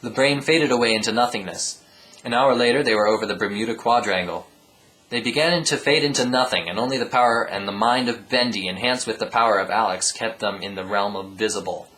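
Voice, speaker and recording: A man reading a comic storybook aloud with deadpan ad-libbed asides. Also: fairly low pitch, a little fast, rough recording. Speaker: reader.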